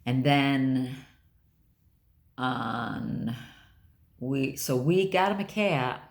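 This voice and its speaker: A woman's voice: a bass voice, lively intonation, drawn-out words. An older woman talking candidly and bluntly in a rambling personal vlog. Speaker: vlogger.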